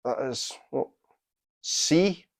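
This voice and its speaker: Quiz host, man, middle pitch, slow and deliberate, dry humor. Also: lively intonation, creaky. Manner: deliberate, unhurried announcing with dry asides. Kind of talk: announcing a tournament draw.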